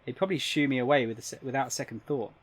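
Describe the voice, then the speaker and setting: A man reading aloud the first-person narration of a young woman caught in a strange situation, in a plain, lightly expressive voice. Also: mid-range voice, very fast, slightly rough, lightly acted. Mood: worried. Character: young woman narrating her own puzzled predicament. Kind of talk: reading game text aloud.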